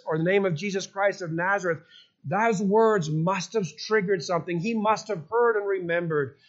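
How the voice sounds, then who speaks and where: Animated high-voiced male preacher. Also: highs cut off. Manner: animated storytelling, repeats words for emphasis. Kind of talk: sermon.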